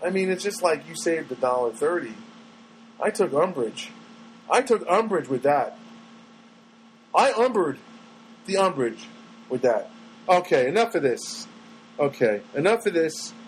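A middle-aged man talks through his solo podcast in a loose, rambling, self-mocking way. His voice sits high for a man and swoops up and down with animated pitch. A faint hum of noise lies under the recording. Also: unhurried, pauses often, low-quality recording. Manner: rambling, self-mocking, breaks into sung snatches. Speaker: podcast host.

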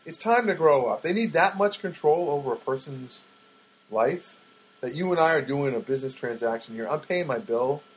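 A man with a husky, slightly rough voice tells a rambling everyday story. His delivery is chatty and wry, with loose asides and plenty of fillers. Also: mid-range voice, moderate pace, low-quality recording.

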